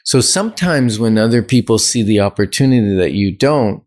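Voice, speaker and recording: A man's voice: lowish voice, animated, normal speed, a little mellow. A man co-hosting a casual conversation, telling stories in a reflective way with frequent restarts. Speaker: podcast co-host.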